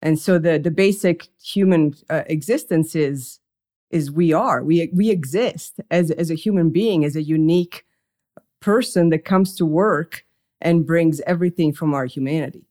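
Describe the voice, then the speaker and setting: A woman's voice: low voice, moderate pace, mellow. A woman being interviewed as a podcast guest, explaining her company in a thoughtful, reflective way. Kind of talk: interview answers.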